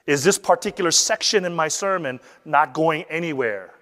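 A man teaching how to deliver a sermon, lively and acting out the voices he quotes. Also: on the high side, normal speed, in a large hall. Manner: animated, acts out quoted voices. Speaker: preaching instructor.

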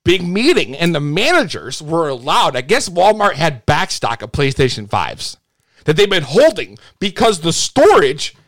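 A man's voice: fairly high pitch, sing-song, normal speed, fairly bright tone. A man hosting a live stream, telling a long story in a casual way, swearing freely and often restarting his sentences. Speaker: livestream host.

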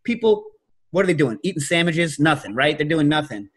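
A middle-aged man hosting a podcast, telling stories in a casual, animated way and breaking into loud shouted impressions. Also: a little high, a little fast, husky. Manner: animated storytelling, mimics loud New York shouts. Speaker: podcast host. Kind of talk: casual chat.

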